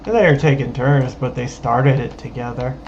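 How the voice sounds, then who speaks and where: A man chatting casually with friends during a game, relaxed and quick to laugh. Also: medium pitch, lo-fi sound, slight background noise. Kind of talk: casual chat while gaming.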